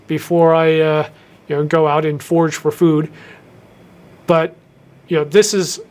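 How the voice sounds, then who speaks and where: A man hosting a career advice video in a casual to-camera talk, who speeds up and then slows down with deliberate pauses and stressed words. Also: on the high side. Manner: shifts tempo, talks fast then slows with pauses and emphasis. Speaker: YouTube host giving career advice.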